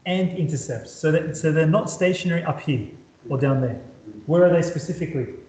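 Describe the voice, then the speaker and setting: Male maths tutor with a slightly high voice, talks while sketching graphs, echoey room. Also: a little fast, a little mellow. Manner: talks while drawing, repeats words, quizzes the student. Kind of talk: whiteboard calculus lesson.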